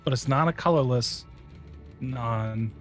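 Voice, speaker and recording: A man's voice: medium pitch, a little slow, soft background music. A man co-hosting a podcast in casual chat, joking and hesitant while he guesses. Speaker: podcast co-host.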